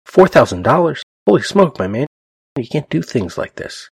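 A man's voice: mid-range voice, expressive, moderate pace, creaky, a little mellow, breathy edge, dry recording, voice pushed up, heavily acted. Man putting on a fussy, scolding old banker. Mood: exasperated. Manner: exasperated, scolding. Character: fussy, disapproving older male bank officer.

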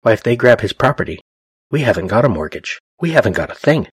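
A man's voice: medium pitch, big pitch swings, fast, slightly rough, no echo. A man voicing a fussy, disapproving older male bank officer who scolds in a raised, exasperated voice. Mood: scolding.

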